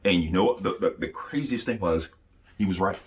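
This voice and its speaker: Low-voiced man giving an intense testimony. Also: brisk. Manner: intense storytelling with repeated phrases and restarts. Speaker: speaker giving a religious testimony. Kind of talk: personal spiritual testimony.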